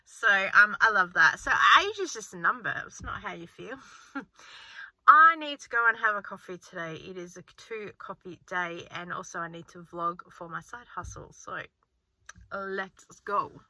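Bright-voiced woman vlogging. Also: mid-range voice, expressive, normal speed, no room sound. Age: 40s. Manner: chatty, rambling, upbeat. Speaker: frugal-living vlogger. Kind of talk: casual chatty vlog. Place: inside a car. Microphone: handheld phone.

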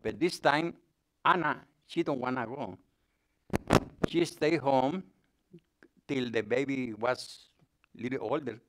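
Man, lay speaker, slow, broken English, halting Bible retelling, mid pitch. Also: a bit bright, a little hiss or hum. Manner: halting, with broken English grammar and many pauses. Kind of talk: retelling a Bible story to a group.

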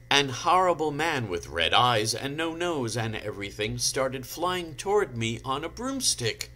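A man giving a comic dramatic reading, slow and deadpan, dropping in dry asides, over a home video call mic. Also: mid-range voice. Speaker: guest reader.

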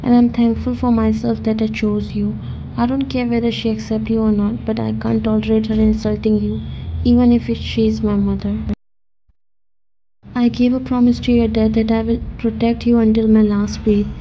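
A woman reading the lines of a protective young mafia husband in a fan-fiction story, in an earnest, steady voice. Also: high-pitched, normal speed, muffled recording, a little hiss or hum. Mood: firm.

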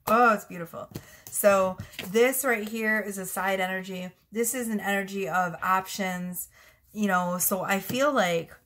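A woman's voice: medium pitch, a bit bright. A woman giving a casual tarot reading to camera, chatty and frank, often laughing. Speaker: tarot reader.

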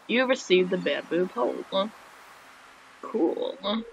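Woman, wry let's-play chatter, joking asides, slow unhurried pace, dull lo-fi recording with faint hiss. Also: mid-range voice, a bit bright. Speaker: game player. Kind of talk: casual let's-play commentary.

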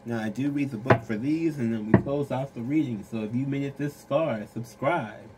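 Casual tarot reader, mid-pitched, loose and rambly, talking frankly to camera. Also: moderate pace, very noisy. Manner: rambling, filler-heavy talk; frank and direct toward the viewer.

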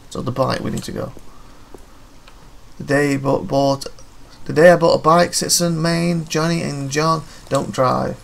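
A man reads the lines of a detective game out loud and drops in offhand remarks between them. His voice is rough and full of vocal fry. It sits slightly higher than most men's. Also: measured pace. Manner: reads characters' lines aloud, breaking off into offhand asides. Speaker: let's play gamer. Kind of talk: reading game dialogue aloud with casual commentary.

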